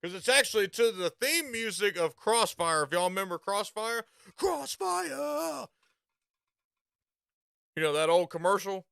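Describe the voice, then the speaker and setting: A man streaming and chatting casually, loud and profane, quick to laugh. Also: high voice, smooth, dry recording, studio quality. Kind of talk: casual chat.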